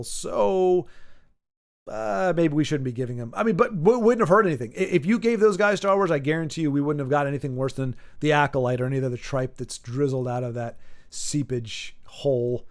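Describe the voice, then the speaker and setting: A man chatting casually to his stream viewers, rambling, restarting his sentences and stumbling over repeated words, with a wry, sarcastic edge. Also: on the high side.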